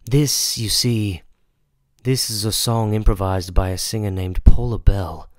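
Record-obsessed cafe owner in a horror storybook, hushed, conspiratorial, deep and dry-sounding, as a man voices him. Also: steady tone, a little slow, no echo, close to an everyday voice. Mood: enthused. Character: older male jazz cafe owner, obsessive music buff.

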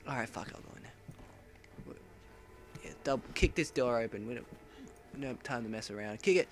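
A man's voice: mid-range voice, fast talker, slight background noise. A man commentating a horror game playthrough, jumpy and panicky, swearing and exclaiming often. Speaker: gameplay commentator. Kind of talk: let's play commentary.

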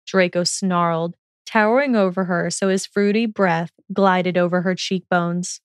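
A woman's voice: medium pitch, unhurried, hardly any pauses, no echo, studio quality. Woman narrating a fan fiction audiobook.

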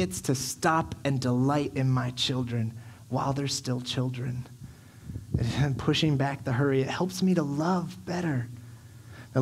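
A man in his thirties preaching a sermon, telling stories animatedly and acting out his children and himself. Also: medium pitch. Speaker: pastor. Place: church sanctuary.

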